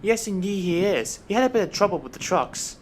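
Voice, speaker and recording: A man voicing a cheerful, helpful young male tank engine in a fan story, in a bright, eager manner. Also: high voice, lively intonation, fairly quick, slight background noise, voice pushed up.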